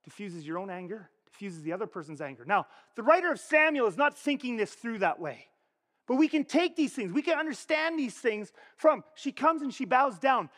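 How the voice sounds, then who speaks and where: Male pastor, pitched high, chatty sermon delivery with long hall reverb. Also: brisk. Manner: animated, conversational preaching with frequent rhetorical questions. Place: church.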